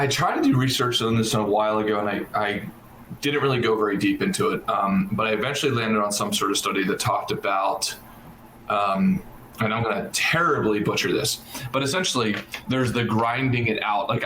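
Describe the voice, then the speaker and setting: A man's voice: on the low side, a bit bright, roomy sound, a little hiss or hum, rough recording. A man co-hosting a podcast in casual chat, hesitant, with many "like"s and "um"s. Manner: hesitant, fills with "like" and "um", short affirmations. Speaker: podcast co-host.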